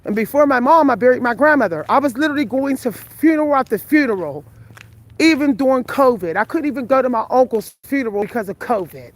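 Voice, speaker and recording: A woman's voice: high voice, expressive, fast talker. Blunt, breathless woman vlogging on a night walk. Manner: blunt, profane, confrontational toward viewers. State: tired and out of breath. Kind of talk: live vlog while walking. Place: outdoors on a night street walk.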